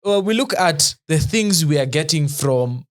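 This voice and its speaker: A man with a Kenyan accent co-hosting a podcast, a lively storyteller who often laughs and mixes slang into casual chat. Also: a little high, moderate pace. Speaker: podcast co-host.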